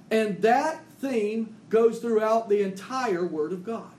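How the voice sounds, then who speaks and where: A man preaching a sermon as pastor. He swings between loud, emphatic declarations and hushed, intimate asides. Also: sits high, slow pace, reverberant.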